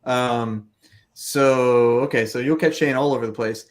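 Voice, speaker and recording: Man, podcast host, casual, easygoing, hesitant fillers, mid pitch. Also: fairly even intonation, unhurried. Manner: easygoing, hesitant with many ums.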